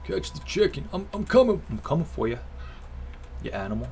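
A man's voice: fairly high pitch, very animated, a little fast, creaky, warm tone, a little hiss or hum. A man doing casual, foul-mouthed let's-play commentary, joking and talking to himself and the game. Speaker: gaming video host.

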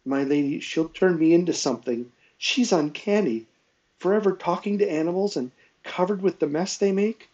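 A man's voice: high voice, normal speed, darkish tone, voice pushed up, close to an everyday voice. A meek, jumpy young servant girl, as a man puts her on in a storybook reading, pleading in a raised, nervous voice. The sound is dull and lo-fi. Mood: scared.

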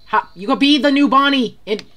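A gamer giving casual commentary while playing a horror game, stammering and panicking, repeating words in rapid bursts. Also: high voice, sharp tone.

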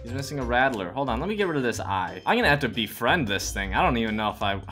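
A young man narrates his game in a bright, forceful voice, riffing to himself as he works. When spooked he jumps into loud, high yelps, and a faint bit of music sits underneath. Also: quick pace. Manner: animated, jokey, talks to himself while building; yelps and shouts in panic. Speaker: gaming YouTuber. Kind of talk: let's play commentary.

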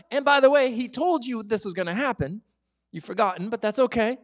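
Male pastor, sermon, chatty and playful, sinks to hushed whispers on key points. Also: very high voice, a little fast. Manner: drops to a soft whisper for emphasis; lively, conversational, sometimes joking.

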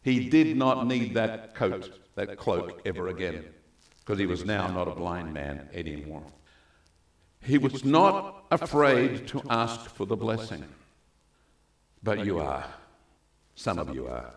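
Animated male pastor in an echoey hall. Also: fairly low pitch, takes it slowly, pauses often. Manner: animated, acts out quoted voices. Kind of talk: sermon.

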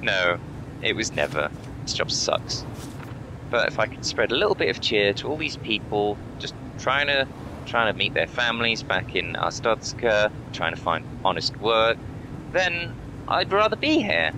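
Guy doing a chirpy polite border guard in a game, gravelly voice, pitch bounces all over, faint hiss behind. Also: very animated, a little slow. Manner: chatty, polite and overly cheery to characters, mutters asides. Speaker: gamer playing a border inspector. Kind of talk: role-play let's play commentary.

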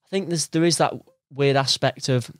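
A young adult man from London speaks in a mid-range voice at normal speed, recorded cleanly in a studio with no echo. He's a guest angler on a podcast, chatting casually and telling stories in an easygoing way, acting out the people he quotes.

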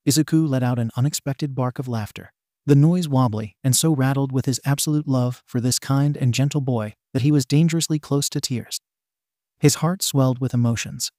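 A man's voice: mid-range voice, a little mellow, no room sound. Man narrating fan fiction, dry voice. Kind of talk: reading fan fiction aloud.

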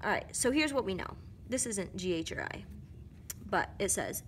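A woman's voice: mid-range voice, animated, moderate pace, slight background noise. Chatty woman explaining math problems. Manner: chatty, self-correcting, thinking aloud. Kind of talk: casual lesson walkthrough.

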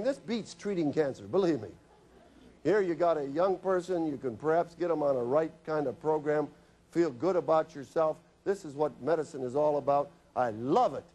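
On the high side and a little mellow, this middle-aged doctor's voice carries humorous anecdotes from his practice. It's a health talk built on storytelling, with him voicing his patients' lines.

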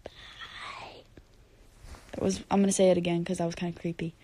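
Racing along in a warm, low-ish voice with a level tone, a singer livestreams to fans from home at bedtime, phone camera held close. She's tired from no sleep, rambling and giggly as she reads their comments and sometimes whispers.

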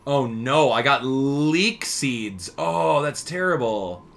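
A man's voice: medium pitch, expressive, creaky, a bit bright. A young man streaming a video game, teasing his chat and commenting casually as he plays. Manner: joking, teasing chat, quick mood swings. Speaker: gaming streamer.

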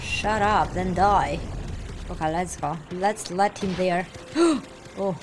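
A woman playing a video game, reacting excitably and cheering on the character. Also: lowish voice, slow, noisy background. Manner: excitable, exclaiming, talks to the character. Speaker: gamer streamer. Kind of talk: live gameplay reactions. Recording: voice over loud game music.

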